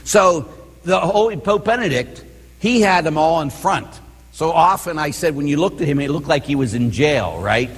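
A man's voice: a little high, animated, normal speed, slightly rough. A man, a priest, giving a conversational teaching sermon in a church and often asking whether the listeners follow. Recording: long reverb in a large room.

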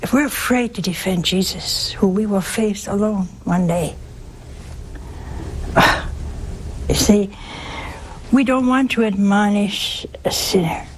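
An older woman preaches at an unhurried, slow pace, folksy and humorous, throwing questions out to her listeners. Her voice sits at a middle pitch, with a faint noise behind her. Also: poor audio. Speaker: religious teacher. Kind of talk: spoken sermon on works of mercy.

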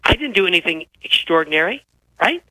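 A man who is feeling unwell, a guest telling lively anecdotes on a radio interview. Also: high-pitched, brisk, dry recording, rough recording. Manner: animated, tells anecdotes with quoted dialogue. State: unwell, feels physically poor. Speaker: guest author.

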